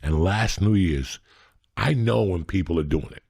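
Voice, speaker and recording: A man's voice: deep voice, moderate pace, vocal fry, a little mellow, slightly rough, no room sound, studio quality. A middle-aged man, a comedian hosting a podcast, telling raw and profane stories in casual chat.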